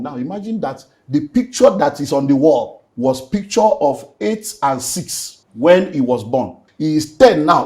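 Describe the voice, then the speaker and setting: A middle-aged man with a Nigerian accent, a pastor giving an earnest personal testimony in conversation, slipping into Pidgin and moving between hushed and emphatic speech. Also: fairly high pitch. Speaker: pastor, guest.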